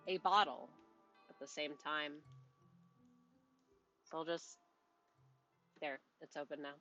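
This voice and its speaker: A woman streaming a game live, chatting casually and rambling, often cutting herself off and laughing softly. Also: lowish voice, normal speed, pauses often, muffled recording, soft background music. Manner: rambling, self-interrupting, chatty with little laughs. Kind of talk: casual live-stream chat while playing.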